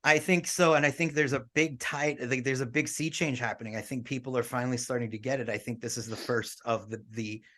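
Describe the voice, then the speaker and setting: A man's voice: mid-range voice, fairly even intonation, fairly quick, few pauses, sharp tone. A man co-hosting a casual podcast, upbeat and talking with easy fillers and restarts. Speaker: podcast co-host.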